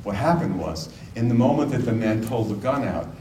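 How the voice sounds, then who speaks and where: A man's voice: mid-range voice, expressive, fairly quick, dark tone, a little hiss or hum. A man giving a spiritual talk, retelling a story and asking the listeners earnest questions. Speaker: spiritual speaker. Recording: roomy, distant mic, faint ambience.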